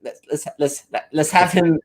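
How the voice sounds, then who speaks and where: A man's voice: on the high side, fairly even intonation, measured pace. A man hosting a casual live-stream webinar, talking eagerly and rambling with many fillers and restarts. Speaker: webinar host.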